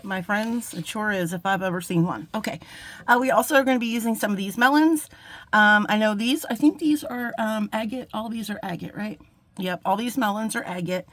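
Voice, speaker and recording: A woman chats her way through a home beading tutorial, rambling a little and poking fun at herself. She sounds close and dry, with no room echo. Her pitch sits in the middle. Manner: chatty, rambling, self-deprecating, with fillers. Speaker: jewelry-making channel host. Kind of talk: casual crafting tutorial. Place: home craft desk with a cat around.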